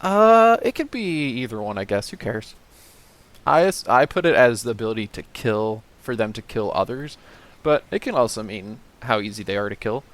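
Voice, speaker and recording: A man's voice: mid-range voice, expressive, moderate pace. A man co-hosting a casual comedy podcast, dryly steering the segment over a remote call. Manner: dry, bossy, steers the segment. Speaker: podcast co-host.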